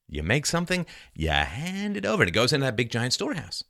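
A man's voice: mid-range voice, huge pitch swings, fairly quick, hardly any pauses, a bit bright. A man hosting a podcast, giving a sarcastic history monologue and reading old quotes in a dramatic way. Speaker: podcast host.

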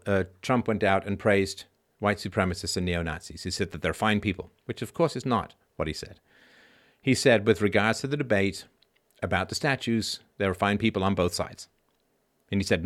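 Sarcastic, animated man in his fifties. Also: lowish voice. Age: 50s. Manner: animated and sarcastic, swings from quiet asides to loud emphatic outbursts; rhetorical, keeps asking "right?". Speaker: show host. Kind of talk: live show monologue.

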